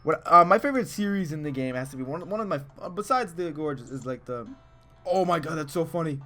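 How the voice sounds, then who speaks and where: A man giving casual, excitable, rambling commentary over a video game, full of chatty asides. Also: a little high, fast talker, faint music behind. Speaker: let's play host.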